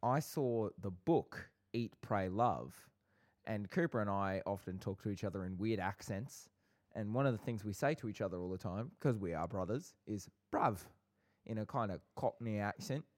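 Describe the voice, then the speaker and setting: Speaking at a moderate pace in a fairly low, slightly mellow voice, this young Aussie trades playful, lightly sarcastic banter with his brother on the casual podcast they co-host.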